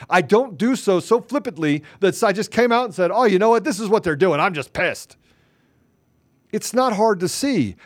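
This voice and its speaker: A man's voice: high-pitched, no room sound. A man hosting a political talk show, delivering fervent, ranting commentary full of rhetorical questions.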